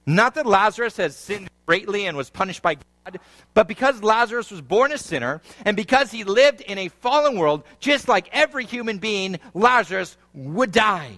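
A man preaches a sermon, his voice sitting high for a man. He moves between reading scripture and explaining it, his pitch swinging widely as the intensity rises and falls. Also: moderate pace. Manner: expressive preaching, rising and falling intensity; reads scripture, then explains it. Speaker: pastor.

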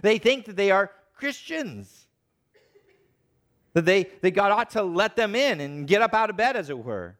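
A man preaching a sermon, animated, acting out the voices of the people he quotes. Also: high voice, a little slow.

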